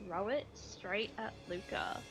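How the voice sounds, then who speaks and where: A woman's voice: mid-range voice, takes it slowly, a bit bright, soft background music, rough recording. A woman playing a tabletop game, thoughtfully describing her character's actions in third person. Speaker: player.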